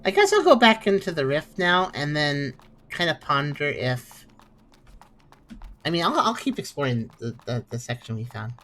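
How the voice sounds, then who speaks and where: A woman talks through her gameplay in a casual, reactive way, her pitch bouncing up and down. She chats with her viewers and reacts out loud to what happens on screen. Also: big pitch swings, moderate pace. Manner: chatty, reactive, playful asides. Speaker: streamer.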